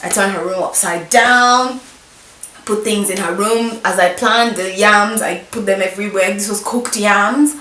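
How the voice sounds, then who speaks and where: A young woman telling a mischievous story from her school days in an animated, emphatic way. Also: medium pitch, unhurried. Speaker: vlogger. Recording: roomy echo, distant mic.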